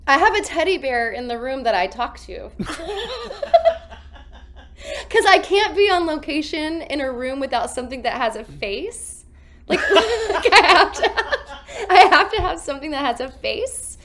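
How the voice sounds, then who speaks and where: A fairly high-voiced woman chats from a hotel room over a video call. She tells her stories with lots of laughter and acts out her own lines, sounding like she is still getting over covid. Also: animated, normal speed, pushed and bright. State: recovering from covid. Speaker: actress guest. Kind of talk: casual interview chat.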